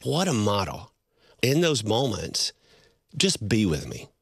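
A middle-aged man talks about marriage and empathy in lively storytelling. His pitch swoops up and down as he acts out little quoted exchanges, and he laughs easily. The sound is close and dry. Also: slow, breathy edge, no echo. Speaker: guest speaker on marriage. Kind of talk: conversational storytelling.

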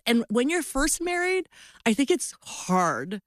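Woman, 50s, guest in a casual talk, lively storyteller, dry close sound. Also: a little high, measured pace, dry recording. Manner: animated, acts out voices in her stories.

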